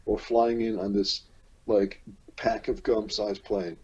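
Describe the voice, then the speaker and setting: A man from Newfoundland and Labrador hosting a podcast, talking in a rambling, halting way with many restarts. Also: lowish voice, flat delivery, a little mellow, slightly rough, dull audio. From Newfoundland and Labrador, Canada. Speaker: podcast host. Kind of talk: casual chat.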